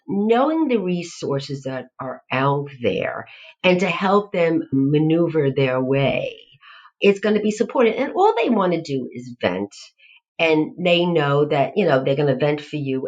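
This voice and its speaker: A middle-aged woman, a guest on a podcast, telling stories and acting out voices in an animated way. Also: sits low. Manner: animated storyteller, acts out quoted voices. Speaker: guest, nutrition professor. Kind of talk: podcast interview. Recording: dull lo-fi audio.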